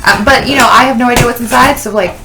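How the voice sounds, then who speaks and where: A woman hosts a casual unboxing chat, talking in a gushing, sentimental way with many ums. Her voice has a gravelly fry. Clear clicking noises sit behind her voice. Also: on the high side, steady tone, quick pace, noisy background. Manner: gushing, sentimental fan talk with many fillers. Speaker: podcast host.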